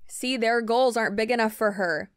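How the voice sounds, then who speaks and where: A woman's voice: on the high side, normal speed, clean tone, no echo, studio quality. A woman giving blunt, sarcastic reaction commentary, swearing freely.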